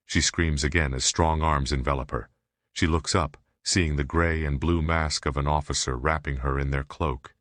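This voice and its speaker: Very deep-voiced male audiobook narrator. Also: no echo. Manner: steady, measured reading. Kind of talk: scripted narration.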